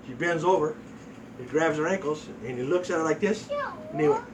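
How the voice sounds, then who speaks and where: A man's voice: on the high side, quick pace, darkish tone, recorded from a distance, slight background noise, rough recording. A man in his sixties telling crude, profane jokes in a folksy storytelling way, acting out voices.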